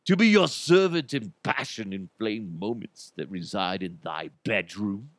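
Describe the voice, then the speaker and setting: A man's voice: on the low side, animated, measured pace, no room sound. Brief: man doing a theatrical Renaissance-faire minister, archaic and grandiose, slightly off-mic. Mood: pompous. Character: pompous faux-medieval wedding minister, man.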